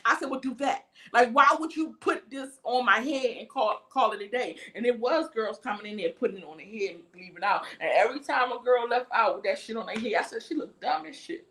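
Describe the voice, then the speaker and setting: A woman with a fairly high voice tells a story on her livestream in an animated rant. She swears freely and acts out every voice in the tale. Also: a little fast, few pauses. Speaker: livestream host.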